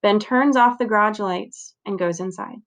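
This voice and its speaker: A woman steadily reading a children's novel aloud, narrating clearly. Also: medium pitch, moderate pace, a bit bright. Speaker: reader.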